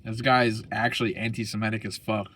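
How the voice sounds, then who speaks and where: A man's voice: on the low side, flat delivery, quick pace, bright, forceful tone. A young man talking casually as a vlogger, rambling and profane, full of slang. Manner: slangy, profane, rambling, keeps saying bro.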